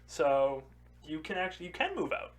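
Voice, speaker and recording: A man's voice: a little high, huge pitch swings, normal speed. A man co-hosting a podcast, chatting casually, laughing often and swearing. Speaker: podcast co-host. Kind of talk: casual chat.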